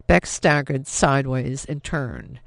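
Male audiobook narrator, measured, gravelly, dry close recording. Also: medium pitch, a bit bright, no room sound. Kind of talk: scripted narration.

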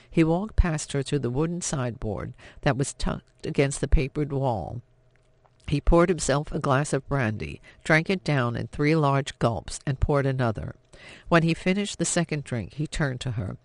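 A man reading an audiobook as narrator in a measured, even storytelling manner. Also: mid-range voice, gravelly, no echo. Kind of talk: scripted narration.

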